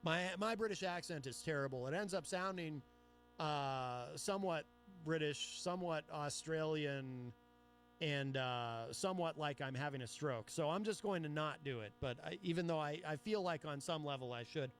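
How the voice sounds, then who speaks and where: Chatty sarcastic radio host, high voice. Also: male voice, moderate pace, a little hiss or hum. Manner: chatty and sarcastic, reads news aloud with asides. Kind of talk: solo talk radio commentary.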